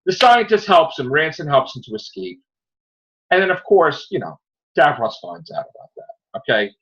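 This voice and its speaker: A man hosting a casual review podcast, rambling through an animated retelling of a plot. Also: a little high, moderate pace, dull audio. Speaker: podcast host.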